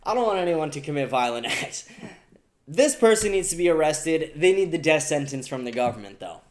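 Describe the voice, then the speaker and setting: A podcast host rants profanely and indignantly about the news in casual political commentary. His voice is fairly high, very animated, and fairly quick.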